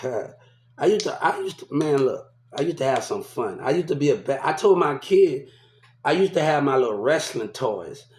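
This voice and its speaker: This rambling vlogger from New Orleans tells a casual story in an echoey space, cursing and saying things again and again. His voice is on the high side and a little mellow.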